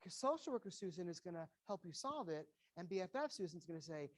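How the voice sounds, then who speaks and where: Very animated and quick-talking, this high-voiced guest educator speaks to parents in a motivational lecture with slides. His delivery is earnest and emphatic, with repeated key phrases and brief quoted exchanges he acts out.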